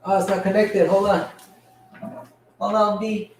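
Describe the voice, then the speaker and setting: A young man hosting a casual livestream Q&A, reading chat messages aloud and answering in a relaxed way with frequent laughs. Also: high voice, measured pace, a little hiss or hum. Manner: laid-back, reads chat aloud, laughs often. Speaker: livestream host and delivery driver.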